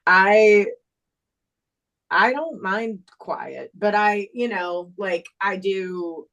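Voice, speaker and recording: A woman co-hosting a podcast, chatting in a relaxed, rambling way. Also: mid-range voice, takes it slowly, highs cut off. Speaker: podcast co-host. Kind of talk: casual chat.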